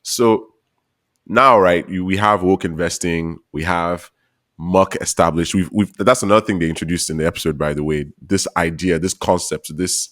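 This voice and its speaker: A man co-hosting a podcast, chatting casually about a TV show, laughing often and getting excited. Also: deep voice, moderate pace, dry recording, clean studio sound. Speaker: podcast co-host.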